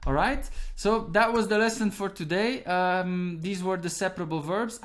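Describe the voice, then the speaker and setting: A man teaching an online grammar lesson, explaining patiently step by step and checking in with "right?" and "okay". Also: sits high. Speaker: Dutch language teacher.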